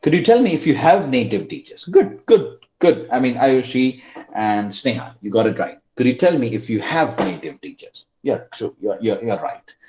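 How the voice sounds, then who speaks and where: A male English teacher runs an online class, repeating his prompts and coaxing quiet students to answer. His pitch moves up and down a lot. The sound is roomy, dull and lo-fi, as from a computer mic. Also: lively intonation, moderate pace.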